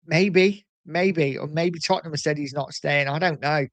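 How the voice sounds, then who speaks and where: A man hosting a casual livestream, reading out viewer comments in a chatty, animated way with frequent ums. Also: a little high, normal speed, hardly any pauses, dry recording. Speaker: livestream host reading chat. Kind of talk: casual live chat.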